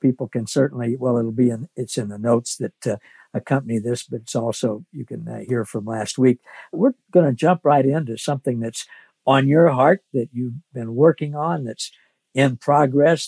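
A man hosting an interview, welcoming his guest in a relaxed, easygoing and slightly halting way. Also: medium pitch, husky, no echo. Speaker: podcast host. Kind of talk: casual interview.

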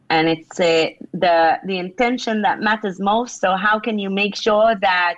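A middle-aged woman author answering interview questions with earnest, conversational advice, filling pauses with "you know". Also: medium pitch, a bit bright, no echo. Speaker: author and leadership speaker. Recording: dull lo-fi sound.

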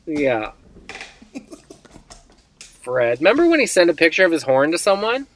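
A man's voice: on the high side, big pitch swings, a little slow, no echo. A man co-hosting a casual podcast chat, joking dryly and laying out the rules of a word game. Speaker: podcast co-host.

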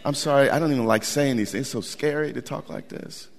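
A man preaching a sermon as pastor, animated and folksy, repeating words for emphasis. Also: mid-range voice, fast. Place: church sanctuary. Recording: long hall reverb.

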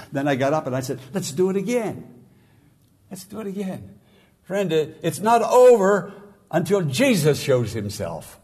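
Man preaching, husky voice, slow deliberate delivery, emphatic swells. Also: darkish tone. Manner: slow, emphatic preaching with sudden rises in pitch and volume. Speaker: pastor. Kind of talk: sermon.

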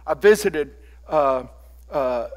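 An older man preaching a sermon and leading the congregation in call-and-response, moving between quiet talk and loud exhortation. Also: a little high, animated, takes it slowly. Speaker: pastor.

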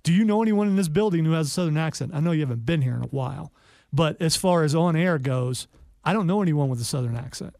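A man's voice: fairly high pitch, lively intonation, fast, creaky, a little mellow, no echo, clean studio sound. A man from Ohio co-hosting a sports radio show, teasing his partner in casual chat. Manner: teasing, matter-of-fact. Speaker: radio co-host.

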